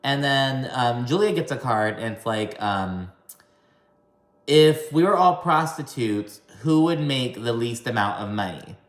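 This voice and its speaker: Recapping a reality show in a gossipy, laid-back way, a man speaks animatedly at a measured pace, cursing often. He imitates the cast's lines in exaggerated high voices, recorded in an echoey room.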